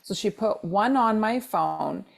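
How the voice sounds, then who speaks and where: A woman in her forties telling a personal story on a podcast in a casual, animated way. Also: mid-range voice, slow pace, creaky. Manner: animated, acts out quoted dialogue with repeated exclamations. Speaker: podcast co-host.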